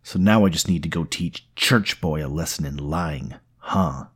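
A tormented young man at the end of his rope, as a male narrator plays him in an audiobook. The voice is husky and strained upward, with a short temper behind it. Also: extremely low pitch, measured pace, full character voice. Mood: tense, irritable. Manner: tense, irritable, pushing his voice up.

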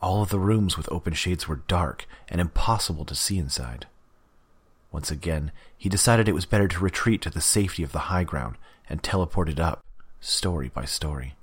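A man narrating an audiobook in a steady, even reading. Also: low voice, husky.

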